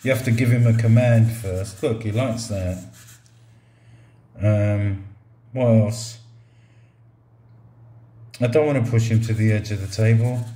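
Middle-aged man, unhurried casual reviewer, joking and chatting to a gadget, recorded in a roomy echoing room. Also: on the low side. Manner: relaxed, joking, talks to the robot like a pet. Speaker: product reviewer. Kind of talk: casual product review vlog. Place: indoors at a table or counter.

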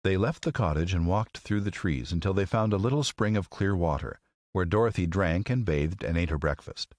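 A man narrating a classic children's story as an audiobook, with an expressive, measured reading. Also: deep voice, dry recording, studio quality.

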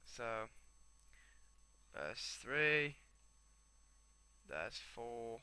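A man's voice: medium pitch, pushed and bright, slight background noise. A young man rambling to himself as he comments on his own gameplay. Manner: rambling, talks to himself while playing.

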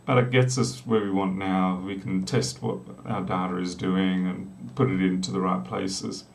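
A man's voice: sits low, little pitch movement, moderate pace, gravelly. Australian man, distant mic in echoey room. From South Australia. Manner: rambling, joking asides while typing. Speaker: programmer live-streaming. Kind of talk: casual live coding chat. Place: small room with a door.

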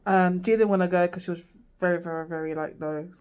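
A woman's voice: on the low side, steady tone, fast talker, darkish tone, clear, resonant tone. A woman recapping a TV series in a casual vlog, rambling with lots of fillers and restarts and acting out lines. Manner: rambling, many fillers and restarts, acts out quotes. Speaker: TV series reviewer.

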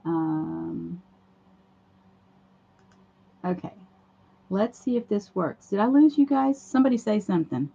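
A hoarse woman hosts a casual craft livestream, chatting through each step as she works at a home craft table. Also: mid-range voice, expressive, a little slow, long pauses, dark tone. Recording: dull lo-fi livestream audio.

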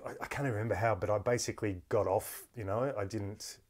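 A man's voice: fairly low pitch, steady tone, fast, a little mellow. A man hosting a podcast interview, telling stories in a chatty way with lots of restarts and easy laughter, into a podcast microphone. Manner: chatty storyteller, laughs easily, many restarts. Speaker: podcast host. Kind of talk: casual interview chat.

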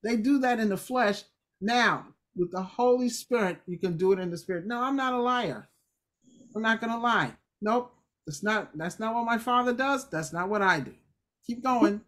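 A woman's voice: on the high side, normal speed, a bit bright. Emphatic woman teaching scripture. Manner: conversational, emphatic, acts out quotes. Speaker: Bible study teacher. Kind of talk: informal Bible teaching.

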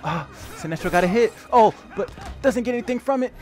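A man trash-talking his opponent while commentating a fighting game, loud and profane, mocking him with repeated taunts. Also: high voice, lively intonation, a little fast, soft background music. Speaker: gaming video host and player.

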